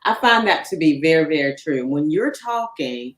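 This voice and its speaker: A woman's voice: sits low, very animated, normal speed. A woman hosting a casual interview, chatting with frequent tag questions. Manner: conversational, tag questions like "right?". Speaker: podcast host. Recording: roomy echo.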